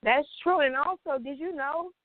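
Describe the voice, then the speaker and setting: A woman's voice: high-pitched, moderate pace, no echo. Chatty woman co-host on a tinny line. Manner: laughs often, chatty news recap. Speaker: podcast co-host. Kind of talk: casual chat.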